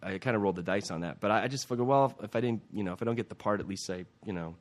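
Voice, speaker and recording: A man's voice: lowish voice, very fast. A middle-aged man, an actor guest, telling a story in a casual interview and acting out quoted lines. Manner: animated, acts out quoted lines.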